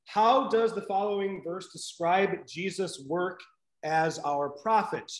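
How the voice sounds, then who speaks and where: High-voiced man teaching a Bible class. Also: takes it slowly, echoey room, rough recording. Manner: conversational, many fillers and "right?" checks.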